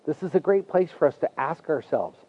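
A pastor delivers his sermon in a fairly high male voice, talking to his congregation the way he'd talk to friends. He is earnest and folksy, slipping easily into personal asides. The recording sounds dull and lo-fi. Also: lively intonation, fairly quick.

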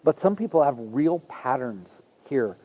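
A man's voice: mid-range voice, sing-song, unhurried, phone-quality sound. A man preaching a sermon as a pastor, earnest and conversational, with folksy asides to the congregation.

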